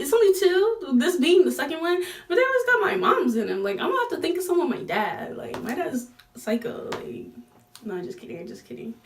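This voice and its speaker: Young woman vlogger, casual storytime, raised pitch, animated quotes, slightly distant recording. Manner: animated, slangy, acts out quoted lines with big pitch jumps.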